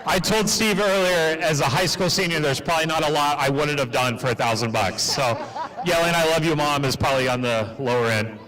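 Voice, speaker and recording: A man announcing a live race at an outdoor speedway, calling the action excitedly and joking with drivers. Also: fairly high pitch, brisk, poor audio. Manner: excitable play-by-play, jokey with drivers. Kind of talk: live race commentary and interviews.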